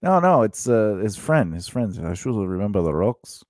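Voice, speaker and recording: A man co-hosting a casual podcast chat, telling stories in a rambling, animated way with many restarts. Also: on the low side, normal speed, dry recording, clean studio sound. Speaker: podcast co-host.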